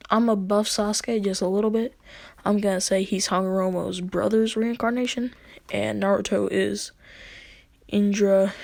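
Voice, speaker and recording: A woman casually retells a fan story in a rambling way, with fillers and occasional hushed asides. Her speech is slow and drawn out, and her voice has a gravelly, creaky texture. The sound is dry and close. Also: medium pitch, no echo.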